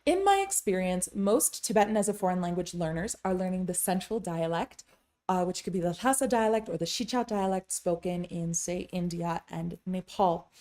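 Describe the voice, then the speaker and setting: A woman's voice: lowish voice, expressive, warm tone. Chatty woman teaching pronunciation. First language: English. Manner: chatty, wry asides, slows down to demonstrate crisp vowels. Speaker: Tibetan language teacher and interpreter. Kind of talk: casual language lesson to camera.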